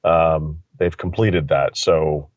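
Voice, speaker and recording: Phoning in, a man with a bass voice talks tech slowly and in a steady tone, rambling and thinking aloud with plenty of fillers. He's a tech commentator, and the dry recording has a dull, lo-fi phone-line quality.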